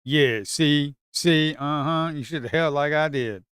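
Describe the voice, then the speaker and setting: Excitable man trading live. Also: a little high, measured pace, clean tone, no echo, studio quality. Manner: excitable, swings from shouting to muttering, talks to the market. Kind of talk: live commentary on his own trades.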